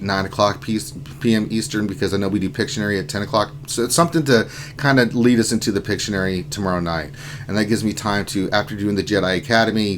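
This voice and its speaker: A man's voice: fairly low pitch, a little hiss or hum. A man hosting a casual gaming livestream, rambling and joking as he reads chat messages aloud. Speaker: streaming host.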